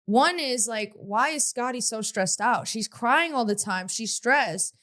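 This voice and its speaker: A young woman co-hosting a podcast, explaining her view in a measured way with casual fillers, in reality-TV commentary. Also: on the high side, lively intonation, a bit bright. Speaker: podcast co-host.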